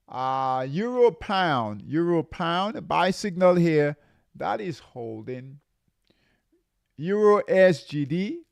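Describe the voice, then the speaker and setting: On a live market update, a trading show host speaks in a slightly high voice with vocal fry and no echo. He announces buy and sell signals, says the same things again and again, stretches out his warnings, and stumbles through fillers and restarts.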